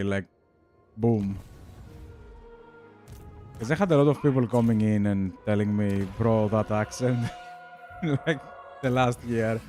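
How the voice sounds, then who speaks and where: A warm, medium-pitched voice belongs to a young Greek streamer with a Greek accent. He plays a strategy game while chatting casually with his audience, laughing frequently and calling them "bro."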